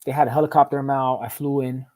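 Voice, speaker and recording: Man guest, rapid-fire street-slang storyteller, swears a lot, keeps saying right. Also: medium pitch, steady tone, dark tone. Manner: repeats and restarts words in quick bursts. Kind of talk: casual storytelling interview.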